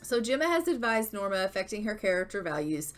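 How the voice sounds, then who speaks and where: A woman's voice: mid-range voice, sing-song, fast talker, faint music behind. Chatty woman narrating a life-sim game. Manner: chatty, many fillers like "like" and "you know". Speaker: gameplay narrator. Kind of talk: casual let's-play narration.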